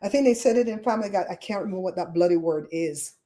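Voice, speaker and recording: Caribbean-accented woman host, animated casual chat, warm mellow tone. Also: fairly low pitch, fast. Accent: Caribbean English. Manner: chatty, animated storyteller, fussy about grammar. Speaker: podcast host. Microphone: streaming setup microphone.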